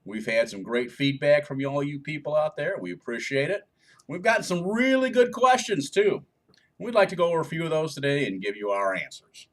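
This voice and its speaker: A man's voice: on the high side, very animated, brisk. A man co-author answering reader questions in a casual chat, explaining things in a jokey way.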